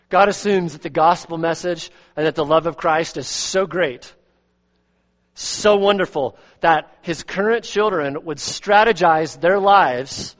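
A man preaching an expository sermon as pastor, earnest, repeating words and swinging from loud emphasis to quiet asides. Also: a little high, in a large hall. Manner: earnest, repeats words, rises and drops sharply in volume.

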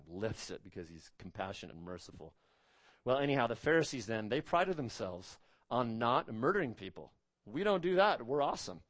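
A man preaching a sermon as pastor, speaking emphatically, rising on key words and dropping low and quiet on solemn points. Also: no room sound.

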